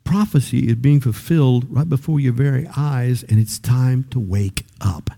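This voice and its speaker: Older preacher with a mellow voice. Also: male voice, moderate pace, gravelly. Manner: conversational preaching that rises to emphatic high-pitched peaks; repeats words when starting sentences. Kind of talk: sermon.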